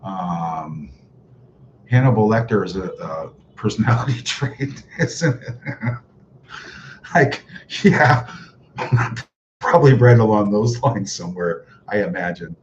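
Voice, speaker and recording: Reading chat on a casual livestream, a male host talks sarcastically, with plenty of mocking chuckles. His voice is lowish with lively intonation, slow and full of pauses. The audio is dull and lo-fi, with a faint hiss underneath.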